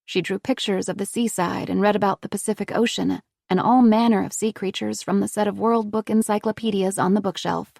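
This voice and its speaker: A woman reading a thriller audiobook in a steady, measured voice on a close studio mic. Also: mid-range voice, vocal fry, no echo. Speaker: audiobook narrator. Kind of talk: scripted narration.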